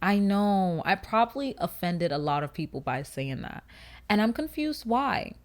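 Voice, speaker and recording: A woman's voice: medium pitch, lively intonation, moderate pace. A young woman in her early twenties talks casually to camera for her channel. She is chatty and full of slang, often drifting into asides before finding her way back. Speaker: YouTuber.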